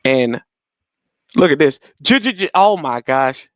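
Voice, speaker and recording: A young man hosting a live watch-party stream, chatting casually with his viewers and laughing loudly. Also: on the high side, unhurried, no echo, clean studio sound. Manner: animated, laughs loudly, talks to chat.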